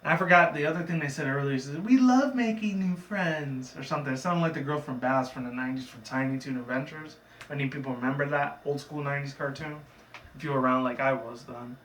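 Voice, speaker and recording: A man's voice: mid-range voice, level tone, fast, a bit bright, recorded from a distance, a little hiss or hum. A man casually recapping a cartoon episode in a rambling, loose way, with profane asides. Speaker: reviewer. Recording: echoey room, away from the mic.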